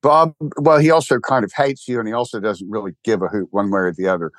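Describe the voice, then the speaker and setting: A man's voice: lowish voice, steady tone, quick pace, a bit bright, dry recording. An older man with a Texan accent, rambling wryly in a casual interview chat, full of restarts and fillers. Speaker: guest, church co-founder.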